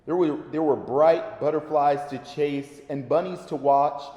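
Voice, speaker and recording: A man reading a children's storybook aloud in a gentle, expressive way. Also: fairly high pitch, measured pace. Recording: echoey reverberant room.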